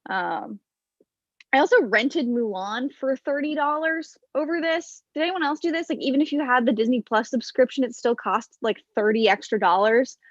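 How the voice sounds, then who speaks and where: A young woman performing a stand-up set over an online stream, wry and self-deprecating, with plenty of fillers. Her voice sits a bit high. The sound is dry with no room and slightly dull, as if through a modest mic. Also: moderate pace, no room sound. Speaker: stand-up comedian.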